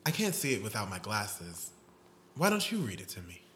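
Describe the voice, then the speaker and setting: A man playing a gentle middle-aged psychiatrist. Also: on the low side, huge pitch swings, normal speed, a little hiss or hum, exaggerated voice.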